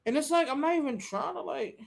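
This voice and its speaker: Animated woman ranting on a live stream. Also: a little fast, gravelly. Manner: animated, swings into high excited rants; slangy and profane. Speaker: live-stream podcast host. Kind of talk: casual live-stream chat.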